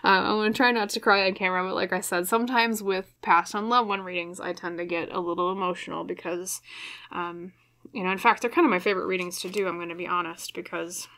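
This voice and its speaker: Young female tarot reader, emotional and halting, speaks low with a flat, even delivery. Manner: soft, hesitant, many fillers and restarts. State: choked up, emotional. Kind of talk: pick-a-card tarot reading to camera.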